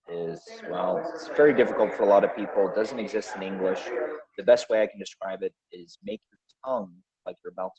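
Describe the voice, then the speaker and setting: Low-voiced man teaching pronunciation. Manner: careful, deliberate, sounds out each example. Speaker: podcast host. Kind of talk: pronunciation lesson. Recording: dull lo-fi recording.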